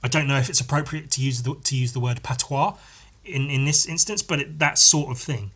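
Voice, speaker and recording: A man's voice: medium pitch, brisk, fairly bright tone, slightly rough. A man hosting a casual solo podcast, rambling and correcting himself as he goes, swearing freely. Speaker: podcast host.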